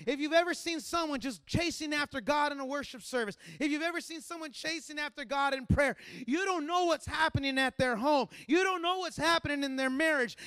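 Male pastor preaching, pitched very high, dry close-miked sound, conversational turning fervent. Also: fairly bright tone, no echo. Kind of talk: sermon.

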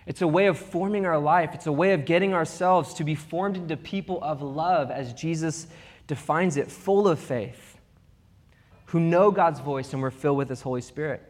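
A young man preaching a sermon as pastor, with animated, humorous storytelling. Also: fairly high pitch, normal speed. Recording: long reverb of a big hall.

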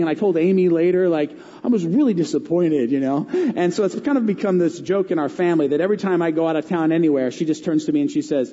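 A middle-aged man preaching a sermon as a pastor, telling stories and swinging between lively and hushed delivery. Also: a little high, brisk. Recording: dull, echoey hall.

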